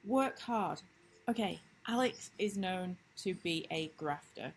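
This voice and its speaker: A woman business coach in a casual talking-head vlog, recapping lessons with emphatic enthusiasm and sudden upward leaps in pitch. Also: expressive, slow, slight background noise, rough recording. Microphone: computer screen-recording mic.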